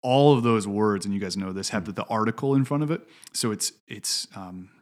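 A man's voice: lowish voice, fairly quick. A middle-aged man, a preacher, talks through a Bible passage in a casual discussion, thinking aloud with frequent fillers and restarts. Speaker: preacher discussing his sermon.

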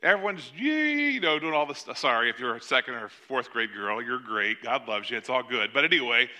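A man's voice: mid-range voice, expressive, fairly quick, sharp tone. An older man preaching a sermon, retelling a scripture story in a conversational way with joking asides. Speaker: pastor.

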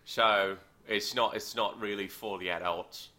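A man hosting a comedy show with dry, teasing, deadpan banter. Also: on the low side, unhurried. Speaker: comedy podcast host.

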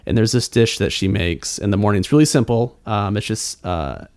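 A man's voice: lowish voice, animated, normal speed, a little mellow. Hesitant man guest on a podcast. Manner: hesitant, self-deprecating, many fillers. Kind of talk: casual chat.

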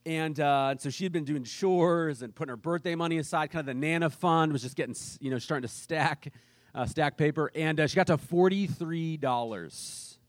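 A man's voice: fairly high pitch, moderate pace, dry recording. A man preaching a sermon as pastor, telling a story in a casual way and acting out the people he quotes.

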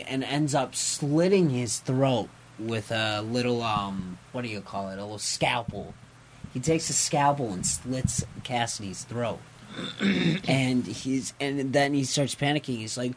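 A man's voice: mid-range voice, unhurried, slight background noise. Giggly man recapping a comic. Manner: giggly, animated retelling of a comic, acts out quotes. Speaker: podcast co-host. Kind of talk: casual podcast chat.

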